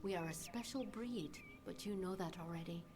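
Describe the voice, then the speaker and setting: A woman voicing a solemn seer in a video game, speaking formally and gravely. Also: medium pitch, moderate pace, music in the background, lightly acted. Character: solemn female seer who reads fates.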